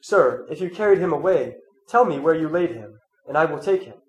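A man's voice: on the high side, lively intonation, a little fast, lightly acted. Mary Magdalene, read by a nasal man. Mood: pleading. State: congested from a cold. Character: grieving young woman, Mary Magdalene. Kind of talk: scripture reading. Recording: roomy echo, faint ambient noise.

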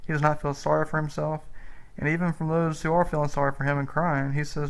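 A man giving a slow, earnest spoken meditation on the rosary mysteries as a preacher. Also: fairly high pitch, monotone, creaky, fairly bright tone, poor audio.

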